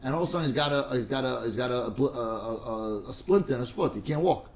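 A man's voice: medium pitch, animated, fast talker. A man teaching a casual study class, rambling and digressive, stumbling over repeated words and mixing in Hebrew and Aramaic terms.

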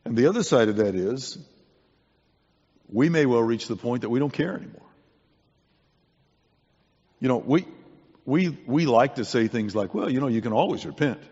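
A man's voice: mid-range voice, expressive, moderate pace, pauses often, darkish tone, husky. A man preaching a sermon to a congregation, earnest and conversational, often restarting his words. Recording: dull sound in a long-echo hall.

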